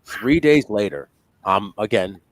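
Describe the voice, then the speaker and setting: A man's voice: fairly low pitch, animated, measured pace, no echo. A man hosting a podcast, telling rambling, profane stories in a casual chat. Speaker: podcast host.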